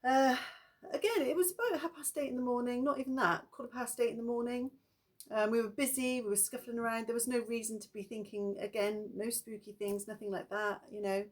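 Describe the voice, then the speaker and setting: Middle-aged woman, casual ghost storytelling, chatty and meandering, slightly high voice. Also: brisk. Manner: chatty and meandering, breaks into lively high-pitched acted quotes. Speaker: spiritual vlogger.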